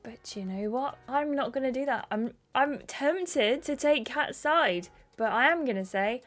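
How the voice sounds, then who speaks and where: A woman gaming YouTuber talking her viewers through a story game, pitched a little high. She chats freely and drops dry, wry jokes between the scenes. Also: lively intonation, unhurried, fairly bright tone. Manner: chatty, wry asides. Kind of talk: let's play commentary, reading game text aloud.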